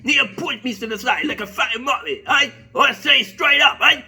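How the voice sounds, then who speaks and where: A man's voice: extremely high pitch, normal speed, sharp tone, slightly rough, soft background music, pitched above the performer's own voice, full character voice. A man doing a mocking impression of a crude British bloke, in a put-on British accent, blustering and swearing at a studio. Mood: mocking rant.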